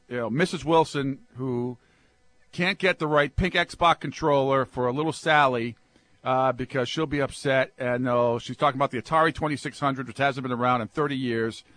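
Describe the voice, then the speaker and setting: A man hosting a sports talk show, ranting in a comic, exasperated way and swinging from low mutters up to yelps. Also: fairly bright tone, no echo.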